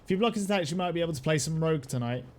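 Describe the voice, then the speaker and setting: A young British man streaming a game, rambling casually, swearing freely, laughing often and shouting at the game now and then. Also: on the high side, animated, rapid-fire, slight background noise. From United Kingdom. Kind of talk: casual live-stream chat while gaming.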